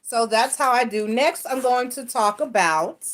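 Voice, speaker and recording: A woman's voice: fairly high pitch, measured pace, fairly bright tone. Rambling woman reader. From North Carolina. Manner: rambling, restarts and self-corrections, talks to her cat mid-stream. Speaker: tarot and astrology reader. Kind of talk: casual explanatory chat to viewers.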